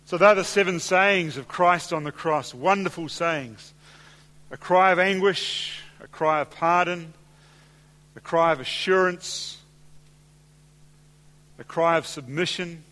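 A man preaching a sermon in a church, measured and deliberate, dropping softer and slower when he quotes scripture. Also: on the high side. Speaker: pastor. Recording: long hall reverb.

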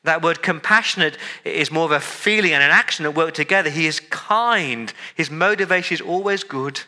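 A man's voice: a little high, normal speed, bright, forceful tone. A man preaching a sermon with emphatic delivery, repeating words and building lists for effect. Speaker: pastor.

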